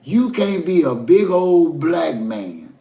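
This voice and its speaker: Gravelly Southern man ranting, echoey room. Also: a little high, big pitch swings, slow pace, mellow. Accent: Southern American. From Southern United States. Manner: folksy, preachy, addresses viewers as y'all. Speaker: commentary vlogger. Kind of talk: casual opinion rant.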